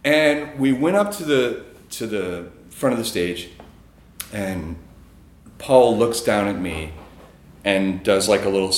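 A man's voice: lowish voice, lively intonation, slow, roomy sound. A man telling a personal story on stage in a casual, chuckling way, with many fillers.

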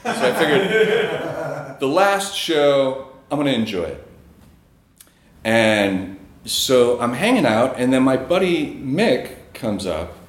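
A man's voice: fairly low pitch, roomy sound. A man telling a personal story on stage in a casual, chuckling way, with many fillers.

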